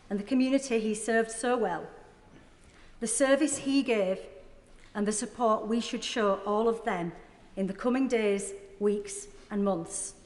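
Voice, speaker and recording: A woman, a member of parliament, giving a measured, solemn tribute speech in a parliamentary chamber. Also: on the high side. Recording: echoey hall with long reverb.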